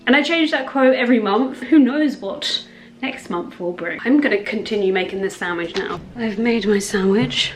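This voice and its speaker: A woman's voice: medium pitch, normal speed, faint music behind. A woman talking casually to camera at home, chatty and earnest, rambling and correcting herself as she encourages viewers. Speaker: self-acceptance content creator. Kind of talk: casual vlog talk. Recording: echoey room.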